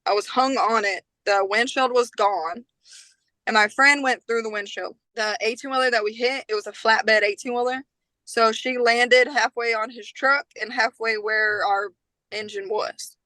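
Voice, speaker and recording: A woman in her twenties, a podcast guest, tells an emotional personal story in a bright, sharp, slightly raised voice, speaking casually with slang and acting out what other people said. Her tone is steady and her speed normal. The sound is close and dry with no echo, though the recording is rough.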